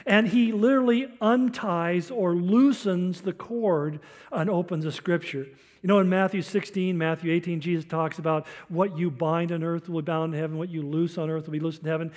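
A man's voice: high voice, steady tone, normal speed, a little mellow. An older man preaching a sermon, explaining scripture in a teaching tone with storytelling asides. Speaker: pastor.

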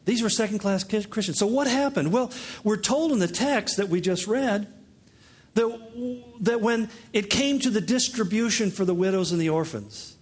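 A man with a notably high voice gives a sermon in a relaxed teaching manner. He mixes explanation with wry, joking asides. His delivery stays chatty, not declamatory. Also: normal speed, husky. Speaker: pastor.

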